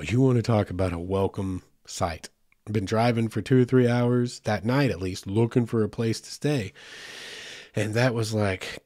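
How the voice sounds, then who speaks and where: A man's voice: medium pitch, dark tone, dry recording, clean studio sound. A man hosting a podcast, telling a road trip story in a loose, chatty way with many fillers and asides. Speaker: podcast host. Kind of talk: casual storytelling.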